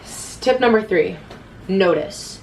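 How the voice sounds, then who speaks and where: A woman's voice: mid-range voice, expressive, takes it slowly, vocal fry, a little mellow, far from the mic, slight background noise, low-quality recording. A woman in her twenties giving casual self-love advice to camera, earnest and chatty, often quoting her own inner voice.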